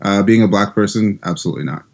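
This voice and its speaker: A man's voice: on the low side, fast talker, creaky, a little mellow. Easygoing male sports podcast co-host, casual. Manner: easygoing, laughs often.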